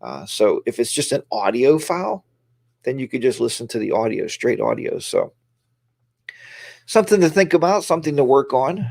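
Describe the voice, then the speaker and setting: A man's voice: medium pitch, big pitch swings, normal speed, gravelly, a little mellow, no room sound, studio quality. A tired middle-aged man hosting a casual live stream, rambling and greeting viewers by name.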